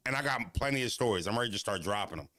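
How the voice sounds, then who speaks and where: A man casually telling stories in an animated, profane, slangy way. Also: lowish voice, rapid-fire, no echo, clean studio sound. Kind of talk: casual storytelling. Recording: music playing clearly behind.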